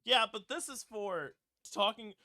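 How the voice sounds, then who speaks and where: Brief: male podcast co-host, very bright and forceful tone, rambling, casual cursing. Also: high-pitched, lively intonation, a little slow, no room sound, studio quality. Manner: rambling, swears casually, trails off.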